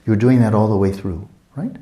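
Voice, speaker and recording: A man in his sixties teaching a meditation retreat, talking calmly and reflectively and asking many searching questions. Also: fairly low pitch, brisk. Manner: calm, reflective, asks many rhetorical questions.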